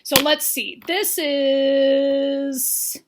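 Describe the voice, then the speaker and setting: A woman's voice: high-pitched, little pitch movement, extremely slow, background noise. A woman giving a rambling, jokey recap of a dating show using toy figures. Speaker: recap vlogger.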